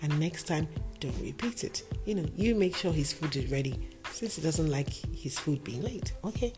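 A woman's voice: low-pitched, lively intonation, normal speed, music in the background. A woman voicing a middle-aged mother who soothingly brushes off her daughter's complaints. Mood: dismissive. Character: dismissive middle-aged mother excusing abuse.

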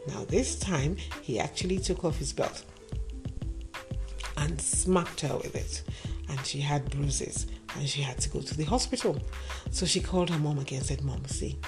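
A woman's voice: deep voice, vocal fry. A woman telling moral stories in a talk, emphatic and asking rhetorical questions. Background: background music.

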